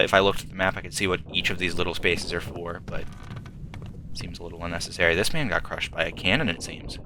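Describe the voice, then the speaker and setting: A man's voice: deep voice, sharp tone, a little hiss or hum. A man playing a game and thinking aloud in casual commentary, working through clues step by step. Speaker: let's play host. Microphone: desktop streaming mic with filters.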